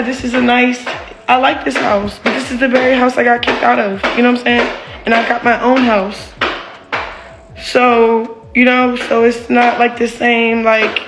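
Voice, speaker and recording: Woman venting heatedly, profane and rambling. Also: on the high side. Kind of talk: candid venting monologue.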